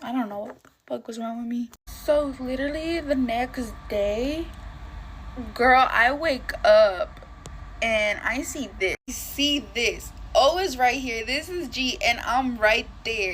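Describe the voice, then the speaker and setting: A woman's voice: sits high, fairly bright tone, a little hiss or hum. A woman telling a dramatic storytime while getting ready, full of slang and swearing.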